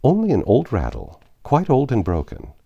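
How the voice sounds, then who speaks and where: A man voicing a polite, earnest young girl in a storybook reading, gentle and well-mannered. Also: mid-range voice, wildly swooping pitch, normal speed, creaky, slightly rough, dry recording, muffled recording, voice pushed up, heavily acted.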